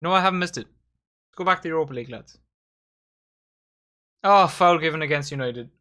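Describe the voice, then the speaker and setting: Young lad doing a football watchalong, swears loads, gets worked up, bright voice. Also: male voice, fairly high pitch, brisk. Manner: excitable, swearing, addresses viewers as lads. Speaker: watchalong host. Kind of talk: live match commentary.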